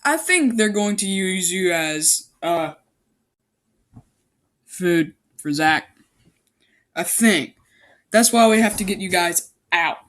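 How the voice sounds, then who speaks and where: A woman's voice: lowish voice, animated, slow, long pauses. A woman doing an impatient whispering teenage boy. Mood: hushed.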